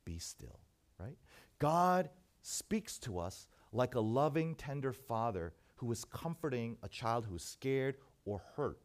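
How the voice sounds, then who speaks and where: A man preaching a sermon, shifting between soft hushed passages and emphatic points. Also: mid-range voice, expressive, a little slow. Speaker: pastor.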